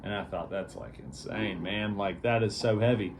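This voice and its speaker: A man's voice: on the low side, normal speed, slight background noise. Easygoing rambling man reviewing beer. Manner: rambling, easygoing, lots of fillers. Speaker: beer reviewer, show host. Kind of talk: casual vlog review.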